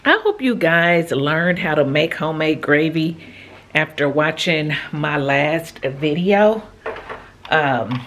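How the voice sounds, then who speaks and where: Woman, very low voice, chatty home cooking vlog, kitchen, talks to viewers. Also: animated, slow, fairly bright tone, slight background noise. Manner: chatty, talks straight to viewers with homey asides. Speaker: vlogger. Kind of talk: casual cooking vlog chat.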